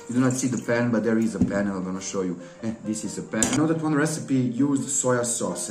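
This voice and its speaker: A man hosting a casual cooking vlog at home, rambling and jumping between thoughts with self-mocking asides. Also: medium pitch. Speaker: YouTube host. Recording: echoey room with faint music.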